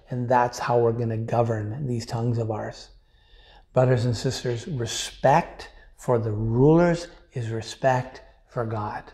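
Pastor, earnest Bible teaching for a livestream, emphatic delivery. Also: male voice, on the high side, darkish tone. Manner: earnest, emphatic, addresses viewers as brothers and sisters. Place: church, streamed online.

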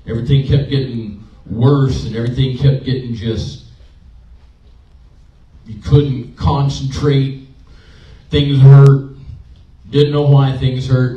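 Pastor preaching in a roomy church. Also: male voice, medium pitch, warm tone. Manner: conversational, emotional storytelling with audience questions. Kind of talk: sermon. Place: church sanctuary. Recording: roomy, distant, dull church recording.

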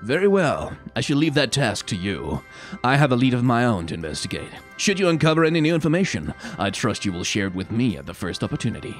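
A man voicing an aloof, measured male detective. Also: mid-range voice, big pitch swings, soft background music, lightly acted. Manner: cool, measured.

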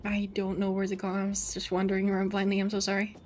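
A woman's voice: medium pitch, monotone, quick pace, a loud crowd. A young woman streamer chatting playfully with friends while playing a game, giggling and reading text aloud.

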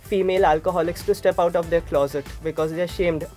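A male guest from India with a slightly high-pitched voice. He answers questions in an easygoing, explanatory way, sometimes restarting his sentences. Faint music plays in the background. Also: fairly even intonation, fairly quick. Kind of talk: casual chat.

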